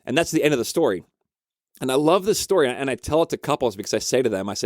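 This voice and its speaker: A man of ordinary mid pitch tells a story in a chatty, animated way, with frequent fillers. He sounds like someone who counsels couples. The recording is close and dry. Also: very fast, no room sound. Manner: animated, conversational, lots of fillers. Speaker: marriage counselor. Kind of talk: casual storytelling.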